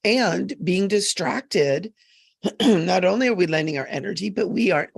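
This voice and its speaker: Woman, psychic medium, live-stream chatter, gravelly, earnest, emphatic, dry webcam sound. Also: fairly low pitch, expressive, unhurried, dry recording.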